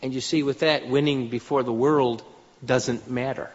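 A man's voice: mid-range voice, fairly even intonation, moderate pace, a little mellow. A man preaching a sermon in an earnest style, his voice rising for emphasis. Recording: dull lo-fi sound with long hall reverb.

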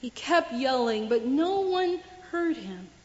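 A woman pastor preaching a sermon slowly and deliberately, with emphatic pauses. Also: high-pitched, sing-song. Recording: echoey hall, slightly dull sound.

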